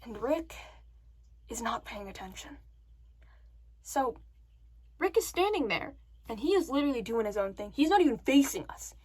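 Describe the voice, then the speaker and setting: A woman vlogger telling a story to the camera in a chatty, animated way. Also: on the high side, normal speed, pauses often, husky. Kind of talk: casual story time.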